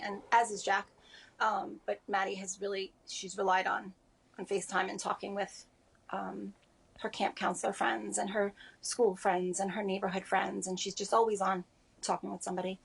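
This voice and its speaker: Husky-voiced grieving woman, halting. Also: medium pitch. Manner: halting, soft-spoken, many pauses and fillers. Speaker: interview guest. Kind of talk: remote news interview.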